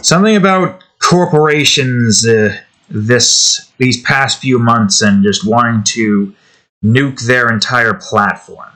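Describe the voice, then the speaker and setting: A man's voice: medium pitch, slow, fairly bright tone. A young man hosting his own art channel, rambling in an offhand, self-deprecating way as he chats and draws. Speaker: artist and channel host. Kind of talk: casual chat while drawing.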